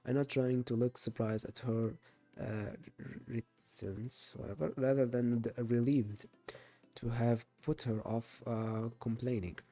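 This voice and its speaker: Mellow man reading a dating game. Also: medium pitch, fairly even intonation, faint music behind. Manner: halting, with frequent uh fillers and restarts. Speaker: gaming YouTuber.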